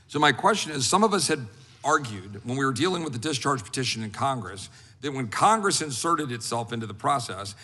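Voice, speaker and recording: A man putting measured, pointed questions to a witness at a congressional hearing. His voice sounds bright and forceful. The large room adds a long trailing reverb. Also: mid-range voice.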